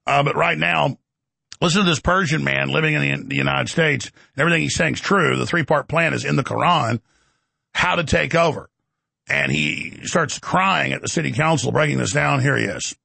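Male talk radio host: gravelly, husky, ranting, sharp bright tone, dry close sound. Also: fairly high pitch, moderate pace, no room sound. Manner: forceful, combative, ranting. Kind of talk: heated talk radio monologue.

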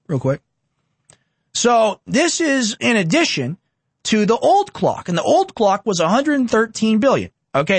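Young man in his twenties, political commentary, heated and sarcastic, high voice, dry close sound. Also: no room sound. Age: 20s.

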